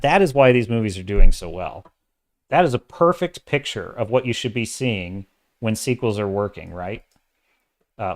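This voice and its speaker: A man hosting a casual livestream of entertainment commentary, opinionated and exasperated, talking in bursts with restarts. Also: fairly low pitch. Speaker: host of a sci-fi and fantasy commentary channel.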